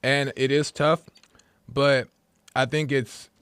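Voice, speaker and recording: A man as a podcast guest in casual chat, relaxed and rambling with many fillers. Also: medium pitch, takes it slowly, smooth, no echo.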